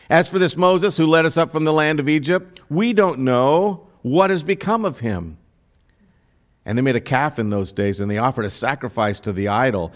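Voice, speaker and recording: A man preaching a sermon as a pastor, reading scripture aloud and then explaining it, sometimes rising in intensity and asking the listeners direct questions. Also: medium pitch.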